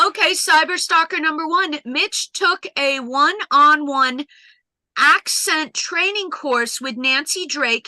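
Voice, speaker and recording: A woman with a high, very bright voice reads chat messages aloud in a brisk, teasing way. The sound is close and dry. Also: no echo, low-quality recording. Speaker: stream co-host reading chat.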